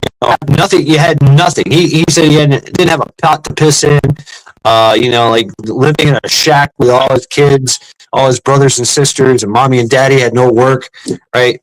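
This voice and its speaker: A man's voice: medium pitch, fairly even intonation, normal speed, low-quality recording. Profane rambling man telling stories. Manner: profane, rambling storyteller with many restarts. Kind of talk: casual chat.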